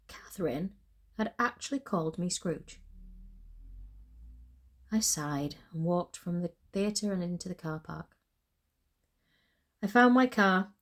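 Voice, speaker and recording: Woman, author, reading her novel aloud, first-person storytelling, plain delivery. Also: fairly low pitch.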